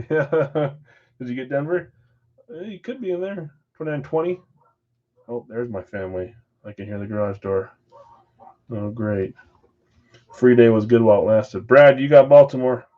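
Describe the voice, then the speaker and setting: A man hosting a live-stream card break, briskly calling out names and assignments with chatty asides in between. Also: medium pitch, muffled recording. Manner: brisk name-and-team roll call with chatty asides. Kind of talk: casual live-stream roll call.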